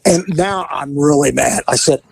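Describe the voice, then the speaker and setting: A man hosting a podcast, telling a police story in a casual, animated, profane way and acting out the dialogue. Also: fairly high pitch, moderate pace, gravelly, husky, no echo. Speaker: podcast host and former police officer.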